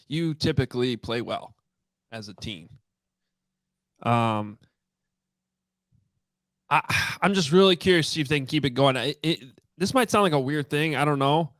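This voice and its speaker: A man co-hosts a sports podcast, chatting casually with many fillers and frequent sentence restarts. His voice is fairly high and animated, at a moderate pace with frequent pauses, recorded in studio quality with no room sound.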